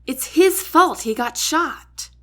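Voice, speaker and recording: A woman's voice: high voice, expressive, takes it slowly, a bit bright, pitched above the performer's own voice, heavily acted. A woman voicing a blunt, sarcastic young woman soldier who talks in a brusque, matter-of-fact way.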